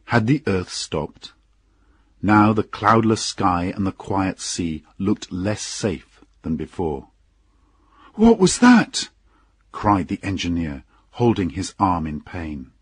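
A man narrating an audiobook story in a slow, measured storytelling manner. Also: sits low, darkish tone, breathy edge, dry recording.

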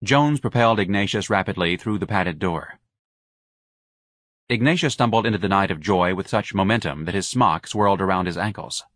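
Low-voiced male audiobook narrator. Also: animated, normal speed, fairly bright tone, dry recording, clean studio sound. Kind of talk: scripted narration.

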